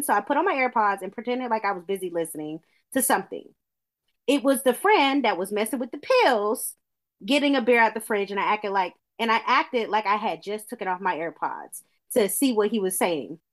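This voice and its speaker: A woman's voice: fairly high pitch, animated, fairly quick. A woman co-hosting a casual podcast, reading a listener's letter aloud with small stumbles.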